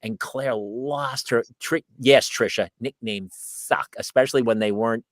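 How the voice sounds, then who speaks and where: Animated American man spinning stories. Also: medium pitch, unhurried, dry recording, studio quality. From United States. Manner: animated storyteller acting out quoted voices. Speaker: podcast co-host. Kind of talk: casual chat.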